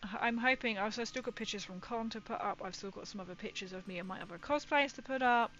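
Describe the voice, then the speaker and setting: A woman's voice: a little high, fast, a bit bright, highs cut off, a little hiss or hum. A woman, chatting casually with viewers on her livestream, rambling and laughing often. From England. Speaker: livestream host.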